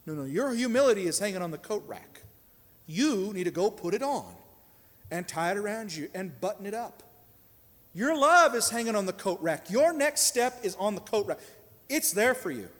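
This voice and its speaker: A man preaching a sermon as pastor, emphatic and building to loud prayer. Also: sits high, very animated, moderate pace, in a large hall.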